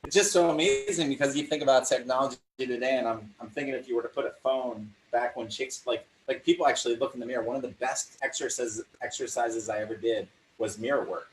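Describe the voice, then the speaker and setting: A man's voice: mid-range voice, quick pace, few pauses. A man in a mid-range voice shares his thoughts as a guest, reflective and reaching for the word "like" as he goes. He is recorded from a distance in an echoing room, with a faint hum of ambience behind him. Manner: reflective, leans on the filler "like". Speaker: guest in a conversation about acting. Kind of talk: casual conversation. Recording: roomy sound from a distant mic.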